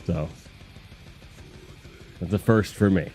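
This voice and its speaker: A man's voice: low voice, slow pace, darkish tone, husky, faint music behind. A man from the Northeast US, hosting a casual live stream, reading chat comments in a rambling, profane, jokey way.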